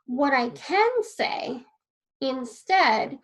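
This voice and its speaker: A woman's voice: sits high, expressive, drawn-out words, noisy background. A woman teaching a class in an earnest, personal way, repeating key phrases as she writes notes on a board. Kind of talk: casual spoken lesson.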